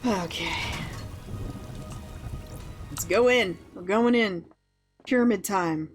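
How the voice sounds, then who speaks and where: A woman's voice: medium pitch, takes it slowly, soft background music. A woman streaming a game, chatting casually, thinking aloud and swearing now and then. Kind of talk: casual let's-play chat.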